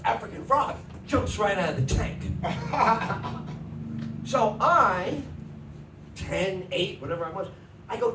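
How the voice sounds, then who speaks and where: Animated comedian in an echoey club. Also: male voice, high-pitched, takes it slowly, pauses often. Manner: animated, acts out family voices, shouts punchlines. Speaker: stand-up comedian. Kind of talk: stand-up comedy storytelling. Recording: echoey club from a distance with noise.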